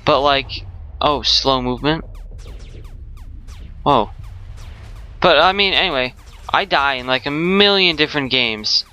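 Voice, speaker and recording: A man's voice: on the high side, animated, a little slow, pauses often, sharp tone, clean tone, soft background music. A young man giving rage gameplay commentary, swearing constantly with exasperated outbursts. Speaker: gaming YouTuber.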